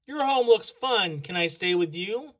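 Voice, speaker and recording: A woman voicing a little young male owl chick, homesick and gentle, in a soft, plain storybook voice. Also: medium pitch, expressive, unhurried, lightly acted, rough recording.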